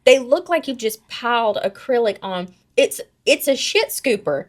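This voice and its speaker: A woman's voice: a little high, expressive, normal speed, a little hiss or hum. A woman co-hosting a podcast in casual chat, brash, profane and teasing. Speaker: podcast co-host.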